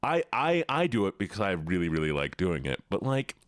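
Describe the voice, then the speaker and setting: A man's voice: low voice, very animated, fairly quick, clear, resonant tone, no room sound, studio quality. A man streaming live, chatting casually with viewers in a rambling, self-correcting way.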